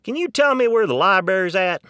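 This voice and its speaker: A man voicing a brash, plainspoken male visitor in a joke, talking loud and blunt. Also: sits high, expressive, fairly quick, no echo, voice pushed up.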